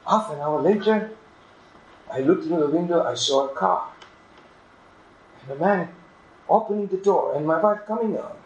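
A man's voice: sits high, roomy sound, low-quality recording. A man preaching a sermon in an earnest, emphatic manner, illustrating his points with a story.

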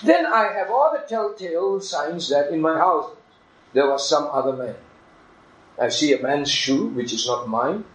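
A man's voice: fairly high pitch, animated, unhurried, fairly bright tone, reverberant, rough recording. A man preaching a sermon in an earnest, emphatic manner, illustrating his points with a story.

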